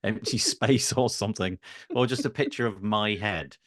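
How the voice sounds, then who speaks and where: A man's voice: lowish voice, moderate pace, a bit bright, no room sound, studio quality. A middle-aged man chatting as a podcast guest, self-deprecating and hesitant, with many fillers. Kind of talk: casual interview chat.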